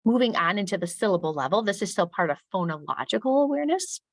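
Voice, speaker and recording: A middle-aged woman giving a professional development talk to teachers, modeling speech sounds slowly and crisply and lifting her voice when she plays a teacher asking pupils. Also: medium pitch, sing-song, no echo. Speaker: teacher trainer.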